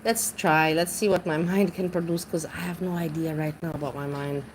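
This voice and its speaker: Rambling low-voiced woman streamer. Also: fairly even intonation, moderate pace, a little hiss or hum, poor audio. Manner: rambling, searches for words, restarts often. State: intoxicated. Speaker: livestreamer reading chat. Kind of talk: casual livestream chat.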